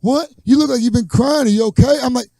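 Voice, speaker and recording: Animated high-voiced man telling stories. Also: quick pace, creaky, no echo. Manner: animated storyteller, acts out quotes. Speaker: podcast host. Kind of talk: casual chat.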